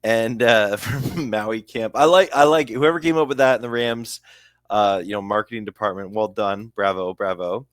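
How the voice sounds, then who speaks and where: A man's voice: lowish voice, moderate pace, no echo, studio quality. A young man with a Canadian accent hosting a casual sports news video, reading an article aloud with chatty asides and stumbling over names.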